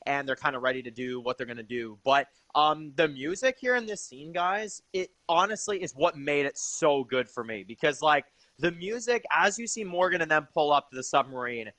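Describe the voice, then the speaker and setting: A man's voice: a little high, expressive, normal speed, few pauses, bright, forceful tone, no echo. A young man giving an enthusiastic, rambling casual review of a TV episode, full of fillers.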